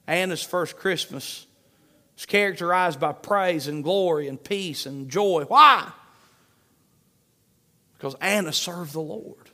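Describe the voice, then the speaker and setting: A man's voice: sits high, pushed and bright. A man pastor preaching a sermon with an emphatic, repetitive cadence, reading scripture aloud.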